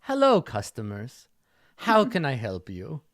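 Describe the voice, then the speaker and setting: A man voicing a burly, brusque male fire genasi blacksmith in a tabletop game, in a slightly raised, louder voice. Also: mid-range voice, wildly swooping pitch, measured pace, heavily acted. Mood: gruff.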